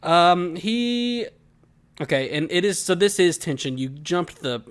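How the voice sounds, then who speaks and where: A man's voice: high-pitched, animated, measured pace, clear, resonant tone. A man in his twenties co-hosting a podcast, chatting casually with rambling, joking stories. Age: 20s. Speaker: podcast co-host. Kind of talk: casual chat.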